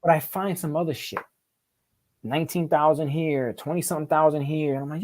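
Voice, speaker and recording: Man guest, rapid-fire street-slang storyteller, swears a lot, keeps saying right. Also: a little high, fairly even intonation, a little mellow. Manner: repeats and restarts words in quick bursts. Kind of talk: casual storytelling interview.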